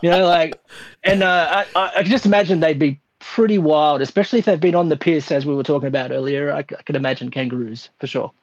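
A man's voice: on the high side, quick pace, no room sound, highs cut off. A man with an Australian accent, a podcast guest chatting casually, laid-back and swearing freely. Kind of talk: casual chat.

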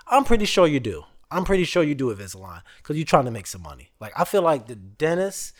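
A man's voice: fairly high pitch, quick pace, few pauses. A man in his thirties hosting a podcast, telling stories in a casual, joking, slangy way. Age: 30s. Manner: animated storytelling, slangy and joking. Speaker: podcast host. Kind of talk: casual chat.

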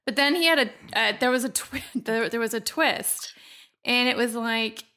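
A woman with a dry, fry-heavy voice at the end of the day, chatting on a podcast and telling a story with laughs. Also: on the high side, moderate pace, pushed and bright. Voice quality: vocal fry. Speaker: pop culture contributor. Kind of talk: casual podcast chat.

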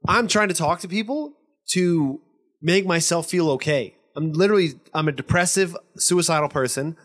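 A young man hosting a podcast in casual chat, halting and defensive, restarting his sentences often. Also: on the high side, a bit bright, dry recording, clean studio sound. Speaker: podcast host.

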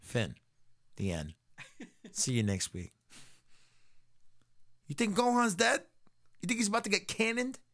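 A man hosting a podcast, giving a profane, animated comedic episode recap and laughing often. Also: high-pitched, unhurried, long pauses. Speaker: podcast host.

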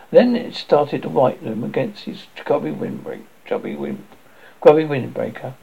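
A man reads a novel aloud in a husky, gravelly voice pitched a little high. His delivery swings with lively pitch, and he trips and corrects himself now and then. The recording sounds dull and lo-fi. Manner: animated reading with slips and self-corrections. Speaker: narrator.

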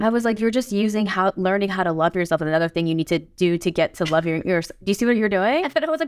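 A young woman podcast co-host telling stories in an animated, chatty way with lots of quoted asides. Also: mid-range voice, fast talker, dry recording. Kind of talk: casual conversation.

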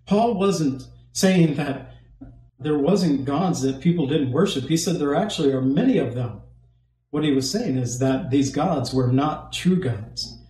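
Preaching man, mellow voice, echoey sanctuary. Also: fairly high pitch. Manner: emphatic preaching with rhetorical questions and pauses. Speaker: pastor. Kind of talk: sermon.

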